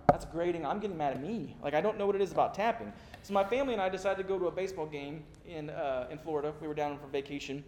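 A middle-aged man preaching a sermon, telling stories with self-mocking asides. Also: a little mellow. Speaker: pastor. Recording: echoey room with faint rumble.

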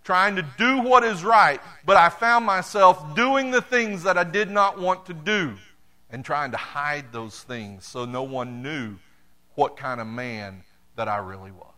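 A man's voice: on the high side, measured pace, bright, forceful tone. A middle-aged man preaching a sermon, talking to the congregation in a conversational way with dry humor. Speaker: pastor.

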